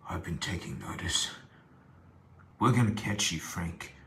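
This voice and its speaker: A man putting on the voice of a menacing male stalker who speaks in hushed, threatening tones. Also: low voice, very animated, unhurried, vocal fry, slight background noise, voice pushed down, exaggerated voice.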